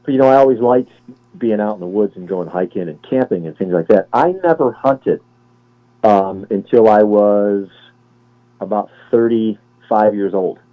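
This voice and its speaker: A man in his forties from Cleveland, a guest on an interview, talking in a relaxed, chatty way and often correcting himself. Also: lowish voice, moderate pace. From Cleveland, Ohio. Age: 40s. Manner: relaxed, chatty, laughs easily, self-correcting. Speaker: guest, former Navy sniper. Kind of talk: casual interview chat. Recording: tinny phone-line audio.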